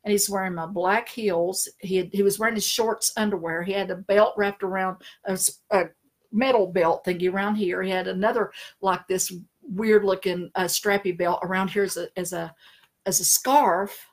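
This middle-aged spiritual consultant speaks in a mid-range voice at normal speed. Her live stream chat is casual and story-driven, with frequent laughter and animated impressions.

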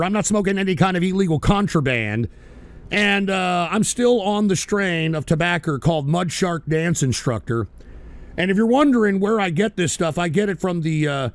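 A man's voice: sits high, no echo. A man hosting a live internet call-in show, rambling, cursing and losing his temper at trolls. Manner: hot-tempered, swearing, rambling. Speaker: internet radio host. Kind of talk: profane live call-in stream.

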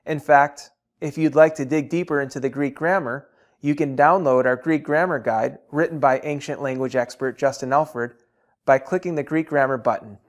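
A man presenting a software tutorial, explaining grammar in a measured, deliberate, teacherly way. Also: on the high side, steady tone. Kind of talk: scripted explanatory narration.

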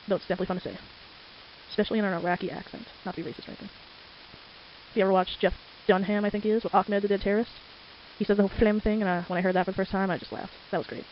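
A teenager with a stuffy, congested nose, chatting and rambling casually while drawing at home late at night. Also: mid-range voice. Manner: chatty, rambling, easily sidetracked. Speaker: amateur artist. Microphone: desktop microphone. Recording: lo-fi with faint hiss.

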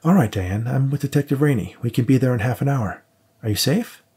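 A man voicing a caring young woman in a brisk, upbeat manner. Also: mid-range voice, lively intonation, a little mellow, slightly rough, pitched above the performer's own voice. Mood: concerned.

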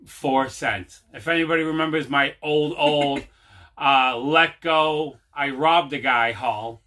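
A man's voice: on the high side, steady tone, slow, bright, forceful tone. A man hosting his own home video, telling a long casual story with lots of fillers and repeats. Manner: rambling, repeats himself, many fillers. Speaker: host.

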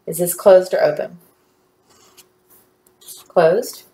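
Slow, patient woman teaching phonics. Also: fairly low pitch, dark tone. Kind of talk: phonics lesson for young children. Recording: echoey room.

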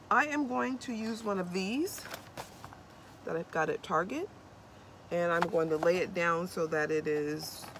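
A woman's voice: lowish voice, vocal fry, a bit bright, a little hiss or hum. A young adult woman chatting casually to camera from inside her van, bubbly and corny, rambling with lots of ums. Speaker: vlogger. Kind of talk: casual vlog chat to camera.

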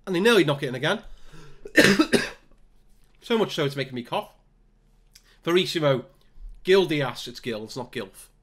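A man's voice: a little high, brisk, long pauses. A man commentating on his own football management game, muttering to himself and bursting out when goals come. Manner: excitable, talks to himself, groans and mutters between bursts. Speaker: gaming YouTuber.

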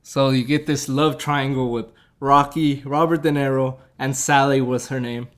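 A man's voice: mid-range voice, fairly even intonation, moderate pace, fairly bright tone. A man casually reviewing a movie, retelling the plot in a rambling way, laughing and correcting himself as he goes.

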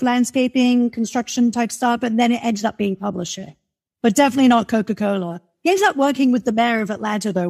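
A woman in her forties from London with a softened English accent, chatting animatedly as an interview guest and laughing often. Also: a little high. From London, England. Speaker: guest, music marketer. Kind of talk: casual interview chat.

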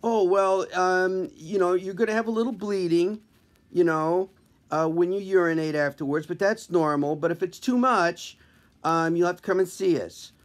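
Brief: man playing a cheerful young intern doctor, high and upbeat. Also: moderate pace, natural voice. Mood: chipper. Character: eager young male intern doctor, chipper.

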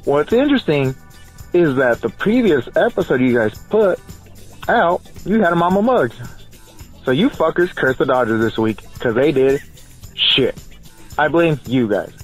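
A man leaves a grumbling voicemail blaming the podcast hosts. His voice is husky with wide pitch swings. Faint music runs underneath. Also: animated, unhurried, poor audio. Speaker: voicemail caller.

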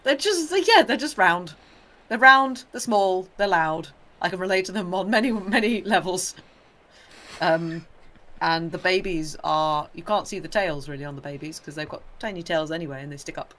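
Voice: mid-range voice, bright, forceful tone. A British co-host in casual livestream chat, rambling and opinionated and acting out little asides. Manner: rambling, opinionated, acts out birds in quick asides.

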